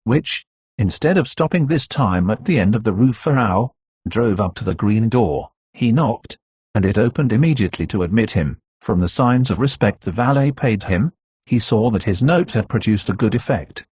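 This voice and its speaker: Husky-voiced male audiobook narrator. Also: fairly low pitch, animated, normal speed, darkish tone, no echo.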